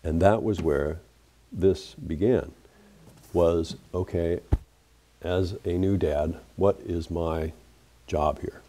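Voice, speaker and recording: A man's voice: deep voice, takes it slowly, long pauses, mellow, slight background noise. A middle-aged man giving a public talk as an author, telling a story in an earnest, reflective way with frequent fillers. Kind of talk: lecture storytelling.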